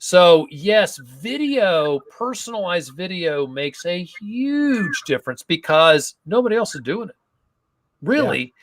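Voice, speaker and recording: A man's voice: high voice, big pitch swings, slow pace, slight background noise. A man talking as a guest in a casual online interview, upbeat and full of anecdotes. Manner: enthusiastic, storytelling.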